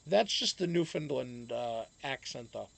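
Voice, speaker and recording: A man with a gravelly, creaky voice hosts a casual live stream at an unhurried pace. He rambles through viewer comments, cracks jokes and swears offhandedly. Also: medium pitch, animated, a bit bright, rough recording. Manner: rambling, jokey, swears, talks to chat by name. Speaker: live-stream host reading chat.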